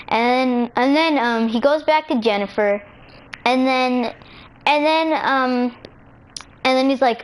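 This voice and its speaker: High-voiced rambling girl storyteller. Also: fairly even intonation. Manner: rambling, many restarts and "so then"; acts out characters' lines in quick little voices. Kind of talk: casual storytelling while gaming.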